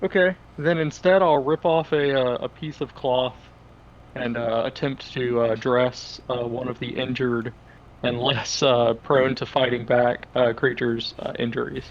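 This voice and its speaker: A man playing a tabletop game, describing his actions haltingly with many fillers. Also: mid-range voice, fairly even intonation, lo-fi sound. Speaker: player. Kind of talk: casual tabletop play.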